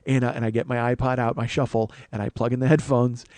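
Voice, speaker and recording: A man's voice: mid-range voice, fast, no echo. Swearing comic man telling a story. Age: 40s. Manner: profane, animated, acts out other voices. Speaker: comedy podcast host. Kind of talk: storytelling comedy monologue.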